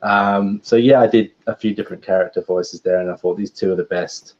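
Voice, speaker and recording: A man, a guest voice actor, chatting in a relaxed, rambling way on a livestream call, laughing often. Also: low-pitched, fairly quick. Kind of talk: casual livestream chat. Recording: dull lo-fi stream audio.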